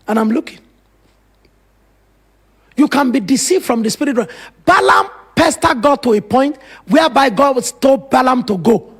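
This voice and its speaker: A man's voice: extremely high pitch, expressive, moderate pace, long pauses, fairly bright tone, husky. A man preaching a sermon as pastor, telling Bible stories with dramatic, emphatic asides.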